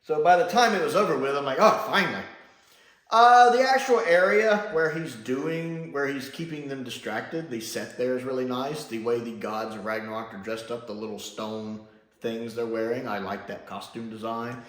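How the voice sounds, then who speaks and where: A man giving a casual spoken review, chatty and animated, often pausing with "uh" and "like". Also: medium pitch. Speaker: film and TV reviewer. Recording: roomy echo.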